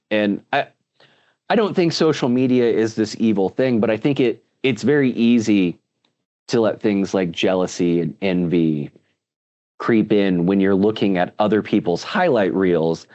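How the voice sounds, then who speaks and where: A man's voice: lowish voice, darkish tone, dull audio. A man speaking as a guest in a casual interview, earnest and full of restarts. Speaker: podcast guest, author.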